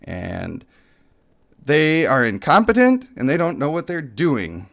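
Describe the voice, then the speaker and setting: Slow-talking male game streamer. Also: fairly high pitch, huge pitch swings, vocal fry, a bit bright. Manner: joking, laughs at himself. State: voice a bit worn, cutting out. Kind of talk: casual live-stream chat.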